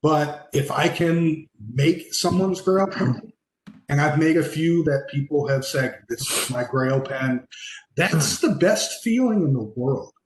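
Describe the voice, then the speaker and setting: A man who makes pens speaking modestly and haltingly on a video call panel. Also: a little high, animated. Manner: modest, halting, with many restarts. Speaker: penmaker panelist. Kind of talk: casual panel discussion. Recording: echoey room.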